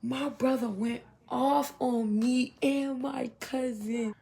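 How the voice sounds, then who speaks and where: A young adult woman telling a storytime to her viewers in an animated, chatty way. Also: sits high, slow pace, creaky, breathy edge. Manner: animated, chatty, heavy use of 'literally' and 'y'all'. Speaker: vlogger. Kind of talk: casual storytime.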